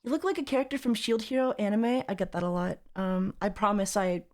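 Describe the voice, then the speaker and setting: A woman's voice: mid-range voice, brisk, darkish tone. A young adult woman streaming as a VTuber, chatting casually and reading chat aloud in a teasing, playful way.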